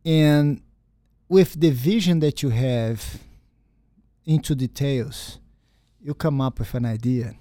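An earnest male podcast host with a mellow, darker tone, asking questions in a halting way and repeating words. The sound is dry and close, with no echo. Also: medium pitch. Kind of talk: interview questions.

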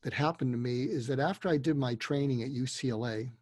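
An older man, a psychiatrist, telling a story earnestly and deliberately, dropping to a hush for emotional moments. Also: mid-range voice, slightly rough, dry recording. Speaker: guest, psychiatrist. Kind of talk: storytelling in a conversation. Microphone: video call.

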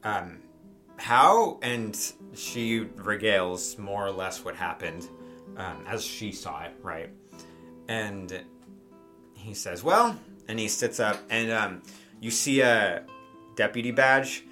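A man's voice: fairly low pitch, slow, sharp tone, soft background music. A man narrating a tabletop game as game master, rambling with many fillers.

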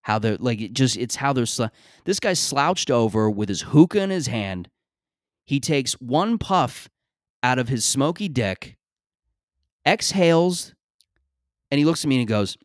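A man's voice: mid-range voice, normal speed, dry recording, studio quality. Rambling, profane man telling stories. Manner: rambling, profane, animated storytelling with stammered restarts. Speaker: podcast host. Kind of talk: casual comedic monologue.

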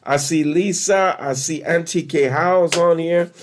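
Fervent preacher man, slightly high voice. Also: unhurried, slight background noise. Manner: fervent, repeats hallelujah and calls out viewers by name. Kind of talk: live-streamed morning devotional.

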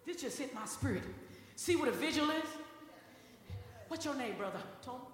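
A woman's voice: high voice, expressive, normal speed, slight background noise. A woman pastor preaching a sermon to her congregation, often stammering and restarting as she talks straight to them. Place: church. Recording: echoey church hall with long reverb.

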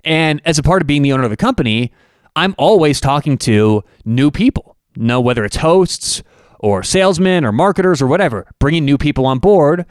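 A man's voice: fairly high pitch, expressive, brisk, clear, resonant tone, no echo, studio quality. A man hosting a podcast, delivering an opinionated, emphatic monologue full of rhetorical questions. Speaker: podcast host and network owner.

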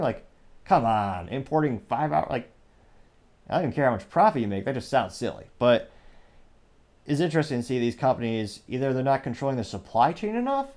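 A man's voice: medium pitch, darkish tone. Wry man hosting a commentary show. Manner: sarcastic, joking asides. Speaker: host. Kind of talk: casual news commentary.

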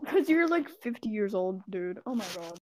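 A woman chatting casually on an online group voice call, teasing her friends playfully and trailing off quietly. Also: mid-range voice, sing-song, normal speed.

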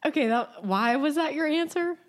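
A woman's voice: high voice, expressive, normal speed, noisy background. A woman hosting a casual family game chat, giggling often as she moves things along. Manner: giggly, laughs often while running the game. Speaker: podcast host.

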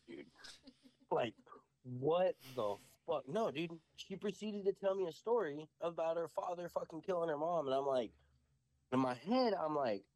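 A man's voice: fairly high pitch, expressive, moderate pace, a little mellow, no echo. Profane storytelling man, dry sound. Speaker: podcast host. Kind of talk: casual chat.

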